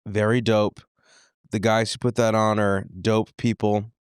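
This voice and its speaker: A man's voice: fairly low pitch, flat delivery, measured pace, clear, resonant tone, no echo, studio quality. A man co-hosting a podcast in casual banter, rambling and often cutting himself off mid-sentence. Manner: rambling, self-interrupting, laid-back. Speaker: podcast co-host.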